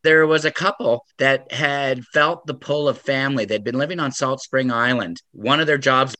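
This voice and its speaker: Bright, dry-voiced male host. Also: medium pitch, moderate pace, dry recording. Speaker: podcast host. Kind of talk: casual interview chat.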